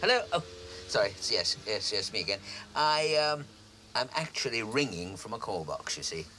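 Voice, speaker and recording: A man's voice: fairly low pitch, big pitch swings, moderate pace, bright, forceful tone, slight background noise, rough recording. An actor in his forties playing a meek, fussy son in a studio sitcom, flustered and apologetic. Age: 40s. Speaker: grown son. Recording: studio audience laughter. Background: audience laughter.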